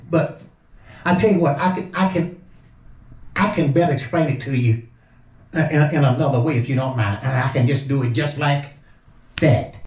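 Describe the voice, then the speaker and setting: An older man from Georgia talks casually to his viewers, excitable and full of exclamations. His voice sits a little high for a man. The sound bounces around an echoey room. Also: muffled recording. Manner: chatty, excitable, exclaiming over the food. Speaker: home cook vlogger. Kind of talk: casual cooking chat to camera.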